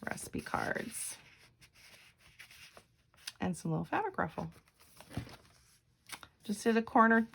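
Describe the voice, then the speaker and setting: A woman's voice: lowish voice, gravelly, a little hiss or hum. A woman showing a handmade journal on camera, chatty and meandering, with frequent ums and self-corrections. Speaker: craft vlogger. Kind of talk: casual craft flip-through.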